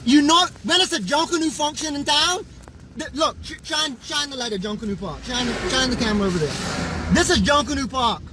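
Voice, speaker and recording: Hoarse, agitated Bahamian man, very high voice. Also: animated, brisk, heavy background noise. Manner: agitated, urgent, repeats himself. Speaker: local resident filming storm damage. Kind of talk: angry walking commentary.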